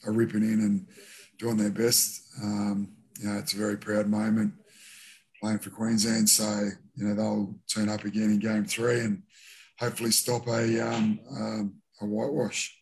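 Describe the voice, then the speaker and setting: A middle-aged Australian man answers questions in a casual interview, with a low voice. He talks flatly and evenly, and he keeps pausing with fillers and restarting sentences. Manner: relaxed, many fillers and restarts. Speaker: guest, former rugby league captain.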